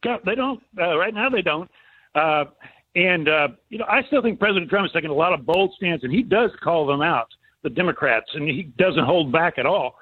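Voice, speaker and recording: An exasperated man talks over a tinny phone line, his voice high and husky. He circles back over the same complaints in a casual call-in chat, the sound dry and close. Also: expressive, normal speed, no room sound.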